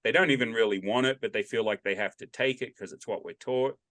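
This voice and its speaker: A man's voice: medium pitch, fast, a bit bright, no room sound. A man with an Australian accent hosting a casual interview, rambling and joking as he drifts off on tangents, speaking over a video call. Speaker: podcast host. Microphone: video call headset.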